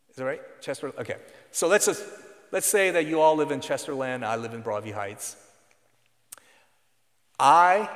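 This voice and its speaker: A pastor preaches a sermon in a slightly high, somewhat bright male voice, teaching earnestly and hitting key words with heavy stress. A long hall reverb hangs on the recording.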